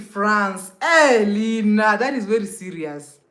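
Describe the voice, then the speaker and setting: A woman's voice: mid-range voice, very animated, slow, fairly bright tone. A young Kenyan woman chatting casually on a live stream, greeting commenters by name and laughing often.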